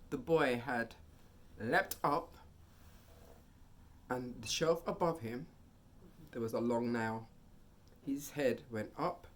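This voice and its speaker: A man vlogging a casual storytime monologue, animated, getting loud and high at tense moments.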